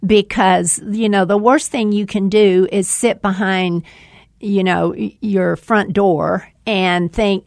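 Woman, podcast guest, gravelly, unhurried, folksy advice, dry sound. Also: medium pitch, steady tone, a little mellow, no room sound. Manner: folksy, emphatic advice-giving. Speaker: guest, women's ministry leader. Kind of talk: podcast interview.

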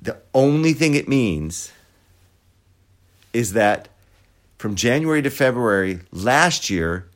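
A man hosting a podcast, giving sarcastic, profane commentary. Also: mid-range voice. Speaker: podcast host. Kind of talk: opinionated commentary.

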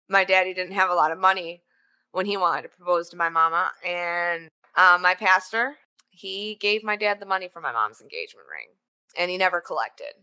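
A woman, likely in her thirties, hosting a podcast and telling a personal story in a chatty, animated way with joking asides. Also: lowish voice, clean tone. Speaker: podcast host.

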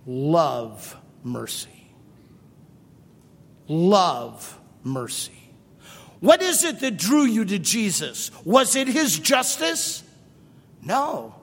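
A middle-aged man preaching a sermon as pastor, animated and emphatic, firing off rhetorical questions and repeating for emphasis. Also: very high voice, slow. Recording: long reverb of a large hall.

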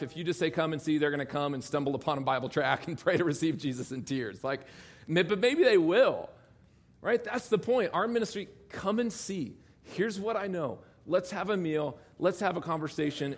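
Storytelling pastor with a higher voice. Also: male voice. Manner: storytelling with laughter and quoted dialogue. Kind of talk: sermon.

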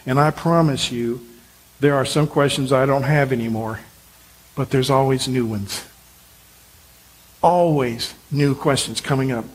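A man's voice: medium pitch, measured pace, pauses often, husky, poor audio. A male pastor preaching a sermon in an earnest, emphatic, encouraging way.

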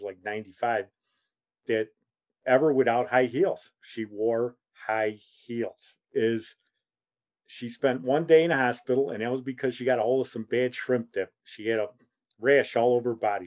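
A man, telling family anecdotes in a rambling, chuckling way as a podcast host. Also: medium pitch. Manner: rambling, chuckling, animated quoting. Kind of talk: casual anecdotal storytelling.

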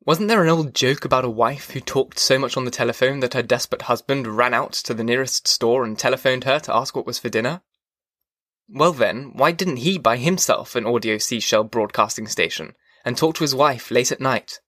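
Brief: male audiobook narrator, mid pitch, measured, dry close sound. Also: fairly bright tone, no echo. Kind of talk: scripted narration.

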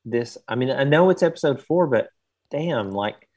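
An enthusiastic man co-hosts a casual live-streamed chat show and speaks in loose, slangy phrases. His pitch moves around a lot as he gets excited. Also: normal speed. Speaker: podcast co-host.

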